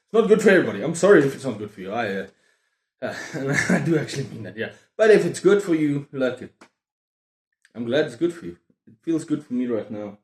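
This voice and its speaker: A man's voice: mid-range voice, darkish tone. A man chats to camera in a loose, rambling way, drifting into playful tangents. His voice sits in a mid register and carries a noticeable roomy echo, as if he were in a bare room at home. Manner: rambling, jokey asides and tangents. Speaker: book vlogger. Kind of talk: casual rambling monologue to camera.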